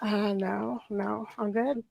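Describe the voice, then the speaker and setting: A woman's voice: medium pitch, fairly even intonation, slow, gravelly, darkish tone, no room sound. Woman with dry, dismissive quips. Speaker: panelist. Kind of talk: casual panel banter.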